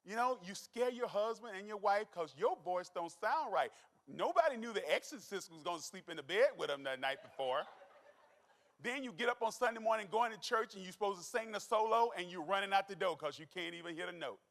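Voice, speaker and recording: A man's voice: high-pitched, brisk. A middle-aged man giving a folksy, joking health talk as a doctor to a live audience. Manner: folksy, animated, joking with the crowd. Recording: long hall reverb.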